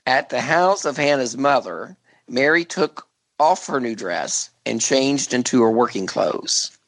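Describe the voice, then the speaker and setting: A man hosting a podcast, telling a true crime case in a casual, jokey way with frequent laughs and halting restarts. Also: medium pitch, animated, no echo. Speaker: podcast host.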